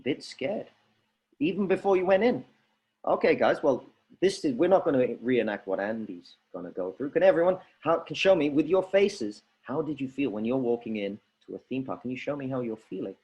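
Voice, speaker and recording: A man runs a drama workshop for fellow teachers, speaking in an energetic, coaching way. His voice sits at an ordinary middle pitch, and he often breaks into demonstrated vocal exercises. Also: normal speed, highs cut off.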